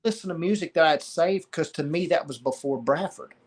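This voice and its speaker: A middle-aged man, telling a personal story of loss in a halting way, pausing and repeating words. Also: on the high side. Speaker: guest sharing a story of loss.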